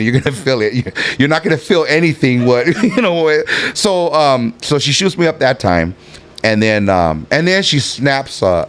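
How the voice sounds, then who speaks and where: A middle-aged man with a Southern California Chicano accent, telling a profane, animated story as a podcast guest and acting out the voices in it. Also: mid-range voice. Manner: animated, profane, acts out every voice in his stories. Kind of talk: casual storytelling in a podcast interview.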